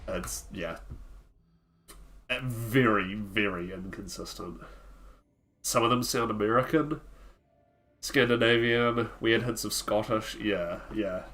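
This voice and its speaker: A man's voice: fairly low pitch, takes it slowly, pauses often, fairly bright tone. A man streaming a card game, chatting loosely with his viewers in a rambling way, full of "like" fillers. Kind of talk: casual live-stream chat while playing.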